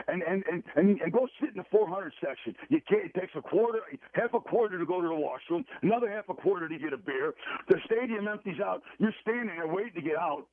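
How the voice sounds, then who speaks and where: A man's voice: sits high, dry recording. A man calling in to a sports radio show, ranting in a frustrated, emphatic, repetitive way. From Chicago. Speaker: caller. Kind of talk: call-in rant on sports radio. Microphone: phone. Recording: tinny phone line.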